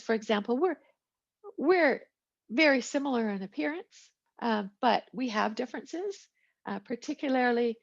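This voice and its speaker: Gravelly-voiced woman giving a lecture. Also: on the high side. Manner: chatty, digressive lecturing with asides and jokes. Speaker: biology instructor. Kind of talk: recorded lecture. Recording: lo-fi, muffled recording.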